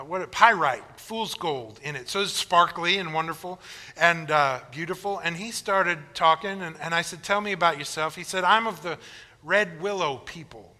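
A man's voice: fairly high pitch, sharp tone, in a large hall. A man pastor preaching a sermon in a church, conversational with wry humor.

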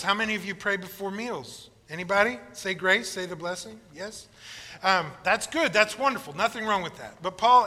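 Pastor, male, sermon delivery with lively storytelling; very bright, high voice, long church reverb. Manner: storytelling, animated joke-telling.

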